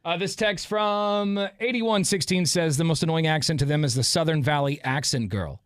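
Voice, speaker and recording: A man's voice: fairly high pitch, moderate pace, no room sound, clean studio sound. A man hosting a radio show, chatting casually and reading out listener texts. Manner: reads listener texts, jokey.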